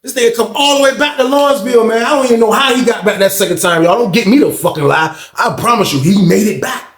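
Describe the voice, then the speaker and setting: A man telling a prison story to his viewers in casual, profane street slang with animated delivery. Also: high-pitched, quick pace. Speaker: vlogger, storyteller. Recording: echoey room.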